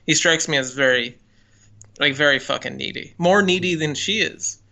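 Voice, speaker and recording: A man's voice: a little high, normal speed, vocal fry, bright, forceful tone. A man on a movie podcast who argues his opinions in casual chat, swearing now and then. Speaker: podcast co-host.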